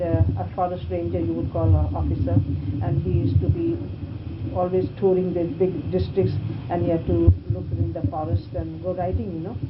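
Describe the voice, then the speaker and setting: An older woman recalling a story from her past in a lively way, growing louder and more excited as she tells it. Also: lowish voice. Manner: lively, grows excited and loud when recalling the scare. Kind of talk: reminiscing anecdote. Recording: muffled, noisy archive recording.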